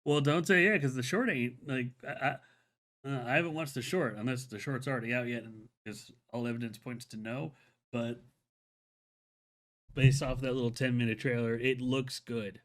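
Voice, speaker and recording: A man's voice: mid-range voice, steady tone, moderate pace. Rambling casual male streamer. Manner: rambling, many restarts and "like" fillers; enthusiastic, casual. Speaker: live-stream film show host. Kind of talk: solo live-stream commentary.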